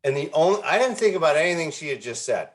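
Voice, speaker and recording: A man's voice: a little high, sing-song, fast. Earnest middle-aged man telling his story. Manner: earnest, frequent restarts and repeated words. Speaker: guest, founder of a recovery movement. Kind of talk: candid interview storytelling.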